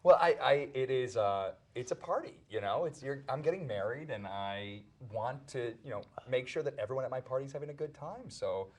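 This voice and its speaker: A man, an actor playing a groom in a stage show, telling an animated story on a talk show and acting out the shouted exchanges. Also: medium pitch, brisk, few pauses.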